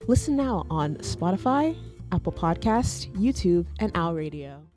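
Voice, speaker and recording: A woman's voice: on the low side, sing-song, a little slow, dark tone. A woman host reading the show's scripted intro, with teasing, joking asides between the lines. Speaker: podcast host. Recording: faint music behind.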